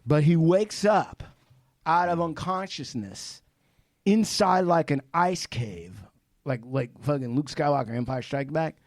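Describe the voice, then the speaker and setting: A man with a slightly high voice spins a long tale on a casual podcast. He talks in a loose, profane way and bursts into shouted re-enactments. The sound is dry and close. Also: animated, a little slow, dry recording. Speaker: podcast guest, film director.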